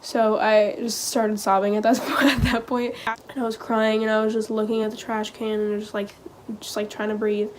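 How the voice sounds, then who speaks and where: A woman's voice: a little high, flat delivery, noisy background. Hesitant teenage girl telling a story. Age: teens. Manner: hesitant, halting, heavy use of "like" and "um". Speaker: vlogger. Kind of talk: casual personal storytelling.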